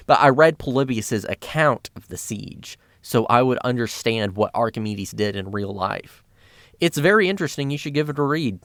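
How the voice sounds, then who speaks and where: A man's voice: on the low side, no echo. A man narrating a scripted video essay as a film critic, with dry, sarcastic commentary.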